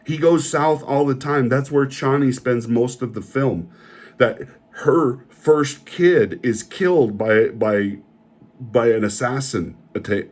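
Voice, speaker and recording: Husky man ranting indignantly. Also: mid-range voice, darkish tone. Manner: indignant, repeats himself. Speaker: film reviewer. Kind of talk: opinionated rant.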